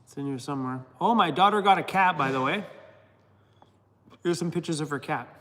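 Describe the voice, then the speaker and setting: A man's voice: a little high, fairly quick, a bit bright, in a large hall. A middle-aged man chatting casually on a livestream to his members, laughing often and talking to his dog.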